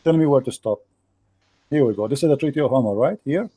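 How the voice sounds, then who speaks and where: Insistent man with broken English, mellow voice. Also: mid-range voice, animated, fast, husky, no echo. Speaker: debate host. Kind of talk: live online debate.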